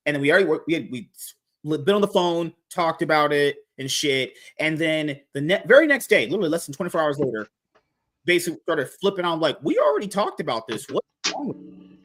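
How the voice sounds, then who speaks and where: A man's voice: on the high side, quick pace, fairly bright tone. A man hosting a podcast, talking casually and animatedly, swearing freely and rambling with restarts. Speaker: podcast host.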